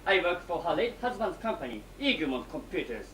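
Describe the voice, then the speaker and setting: A woman's voice: deep voice, big pitch swings, a little fast, fairly bright tone, slight background noise. A woman playing a heartbroken young man in an amateur stage comedy, pleading and melodramatic. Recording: echoey hall, distant mic.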